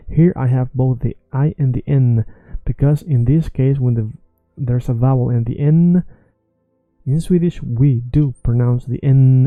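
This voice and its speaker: A man teaching a language pronunciation lesson, repeating words slowly and clearly to model how they sound. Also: medium pitch, dry recording, phone-quality sound, soft background music.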